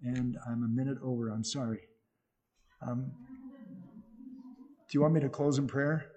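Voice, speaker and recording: A man's voice: medium pitch, fairly even intonation, normal speed, dark tone. A middle-aged man speaking as a missionary preacher, earnest and conversational, with frequent restarts. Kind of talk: sermon.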